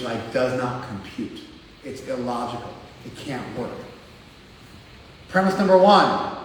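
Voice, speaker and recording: A man's voice: medium pitch, a bit bright, slight background noise. A man with an American accent giving a casual, teasing spiritual lecture to a live class. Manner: joking, teasing, conversational with frequent "like". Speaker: spiritual teacher. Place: class room in front of a group. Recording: echoey hall, mic far off.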